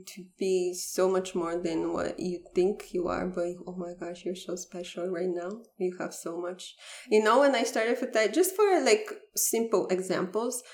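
A young woman talks as a podcast guest in an earnest, heartfelt way. Her voice sits a little low, and her speech is full of "like" fillers and restarts. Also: fairly even intonation, unhurried, vocal fry, a little mellow. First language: Bulgarian. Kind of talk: casual interview talk.

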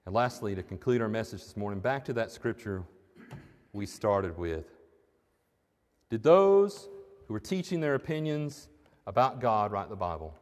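A man's voice: on the low side, animated, normal speed, long pauses, darkish tone. A man preaching a sermon to a congregation, emphatic and rising to stressed peaks on key phrases. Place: church hall. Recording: reverberant hall.

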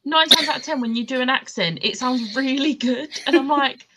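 A woman's voice: sits high, normal speed, noisy background. A woman from the UK co-hosting a podcast, giving matter-of-fact opinions in casual chat. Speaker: podcast co-host.

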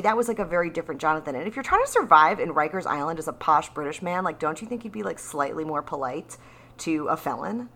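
A woman with a low voice talks through a TV episode in a loose, casual podcast chat. She stays animated and laughs often between quick asides. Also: a little hiss or hum. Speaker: podcast co-host.

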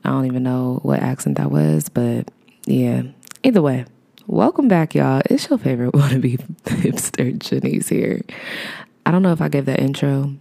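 Woman, podcast host, rambling reflective chat, gravelly fry, deep low voice. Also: expressive, normal speed, mellow. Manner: rambling, reflective, chatty asides. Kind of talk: casual solo podcast monologue.

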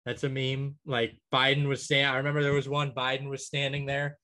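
A man's voice: medium pitch, completely flat delivery, a little fast, sharp tone. Rambling man listing things casually. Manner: rambling list with many ums, chuckling. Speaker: podcast co-host. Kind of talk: casual chat.

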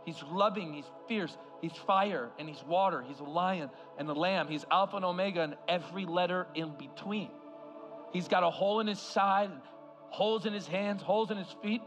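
Impassioned high-voiced male preacher. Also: moderate pace, dull audio, faint music behind. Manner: impassioned preaching, swings from loud to hushed. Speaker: guest preacher. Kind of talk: sermon. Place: large church hall.

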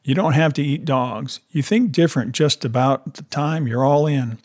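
A man reading aloud voices a slow, plain-spoken Klondike dog-musher with dry humor and a husky tone. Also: a little high, darkish tone, natural voice.

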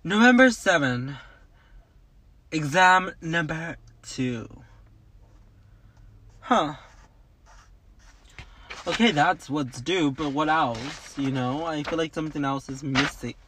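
A man's voice: fairly high pitch, slow, long pauses, sharp tone, a little hiss or hum. A young man, a student, ranting dramatically and profanely in a casual vlog. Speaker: vlogger, student.

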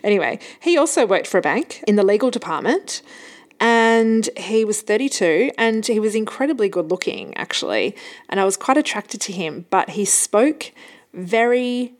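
A woman's voice: mid-range voice, lively intonation, normal speed. A woman hosting her own podcast, telling stories in a casual, chatty way and laughing often. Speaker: podcast host. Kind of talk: casual solo podcast chat.

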